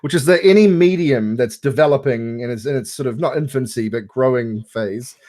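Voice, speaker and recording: A man's voice: mid-range voice, moderate pace, darkish tone, no echo, studio quality. A man hosting a casual discussion, talking in a rambling way with many fillers like "like" and "you know". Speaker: podcast host leading a discussion. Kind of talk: casual chat.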